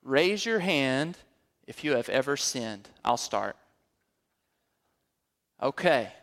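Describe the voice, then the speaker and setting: A pastor with a mid-range, fairly bright voice preaches slowly in a sing-song manner. Going verse by verse through scripture, he asks rhetorical questions and builds to forceful peaks, and his words echo with long hall reverb.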